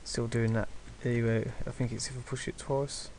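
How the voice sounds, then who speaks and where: A man's voice: medium pitch, little pitch movement, normal speed, noisy background. A man teaching digital painting step by step, hesitant and reassuring, with many ums. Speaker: art tutor.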